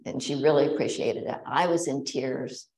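A woman giving a public talk to a bird society, earnest and conversational, mixing facts with personal stories and pausing on fillers. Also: a bass voice, fairly even intonation, a little mellow. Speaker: guest speaker at a bird society meeting. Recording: roomy echo.

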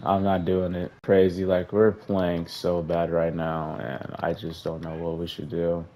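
Young gaming commentator, male, deep and dark-toned, frustrated running play-by-play of his own match. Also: a little slow, a little hiss or hum. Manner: frustrated, talks to players on screen, flat sighs between outbursts. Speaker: gaming YouTuber. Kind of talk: casual gameplay commentary.

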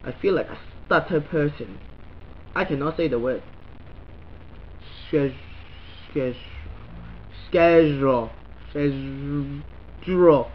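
A man with a voice on the high side performs a comedic monologue as a crude, blunt middle-aged Chinese man who's new to social media. He rants heavily in broken English with stuttering repeats, speaking slowly and pausing often, on a muffled recording with a little hiss or hum.

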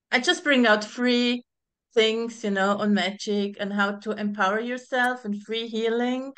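Bright, clear-voiced woman interviewer. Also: fairly high pitch. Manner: halting, restarts while searching for words. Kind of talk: casual interview.

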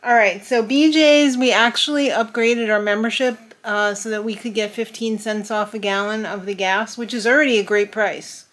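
A young adult woman giving a casual, chatty vlog update, upbeat and quick to laugh. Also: a little high, steady tone, a bit bright. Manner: chatty, upbeat, laughs often, many fillers and restarts. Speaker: vlogger host.

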